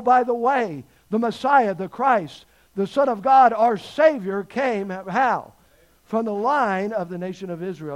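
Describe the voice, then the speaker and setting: A man's voice: high-pitched, poor audio. A man preaching a sermon, emphatic, often asking his congregation questions and answering them himself. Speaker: pastor.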